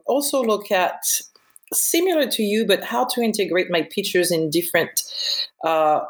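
Reflective woman with French accent. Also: fairly low pitch. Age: middle-aged. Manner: reflective, searches for words. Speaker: guest photographer. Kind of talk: interview conversation.

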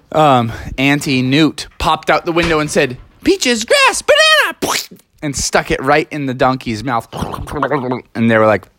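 A woman's voice: a bass voice, no echo. A woman improvising a playful, chatty story for children.

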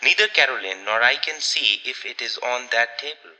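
A man reading aloud, voicing a stern, peremptory woman who scolds briskly. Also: mid-range voice, lively intonation, bright, forceful tone, long reverb tail, voice pushed down, rough recording. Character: stern peremptory middle-aged woman, sewing.

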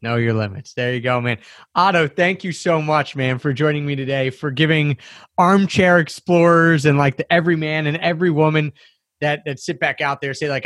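A man's voice: a little high, moderate pace, a bit bright, no room sound, studio quality. A man hosting a podcast, chatting with enthusiasm and calling his guest "man" in a friendly way. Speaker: podcast host. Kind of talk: casual interview chat.

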